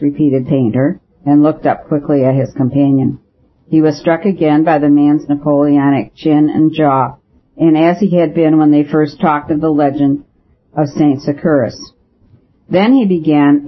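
A man's voice: fairly high pitch, fairly even intonation, normal speed. Man reading a novel aloud, lo-fi. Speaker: audiobook narrator. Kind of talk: scripted narration of a novel. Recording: dull lo-fi audio.

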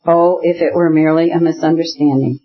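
Reader doing a frigid, formal official, clipped and husky, lo-fi audiobook. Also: male voice, fairly high pitch, steady tone, a little fast, lightly acted. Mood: cold. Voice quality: cold, clipped. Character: cold, formal middle-aged official husband. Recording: dull lo-fi recording.

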